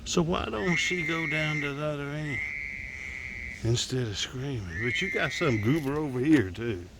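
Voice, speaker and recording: A man's voice: on the high side, animated, moderate pace, very noisy. A man filming outdoors at night on a handheld phone, musing aloud and muttering to himself, sometimes dropping to a whisper. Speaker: vlogger. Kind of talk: casual narration while filming.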